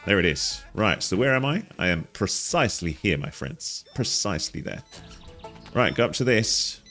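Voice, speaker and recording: A man talks viewers through a video game in a playful, animated way. His voice sits low but swings widely in pitch, and faint music plays under it. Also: normal speed. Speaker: gaming guide host. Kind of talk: game walkthrough commentary.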